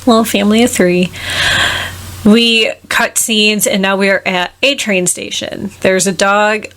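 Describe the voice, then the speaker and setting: A woman at an average pitch, co-hosting a podcast and walking through a film's story in a relaxed, chatty way. She slips into brief quoted voices for the characters as she goes, with small laughs along the way. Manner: retells the plot with quick acted quotes and laughs. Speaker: podcast co-host. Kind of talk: casual film recap chat.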